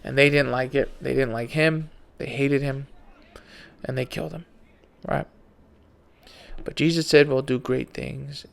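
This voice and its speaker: Gravelly, tired male podcast host. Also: mid-range voice, steady tone, unhurried, long pauses. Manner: rambling, slangy, conspiratorial. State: tired, yawning. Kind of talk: casual rambling monologue.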